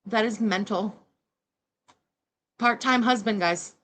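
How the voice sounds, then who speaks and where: A woman's voice: medium pitch, slow, fairly bright tone. A woman hosting a reaction livestream, giving blunt, sarcastic, scornful commentary. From Canada. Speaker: commentary channel host.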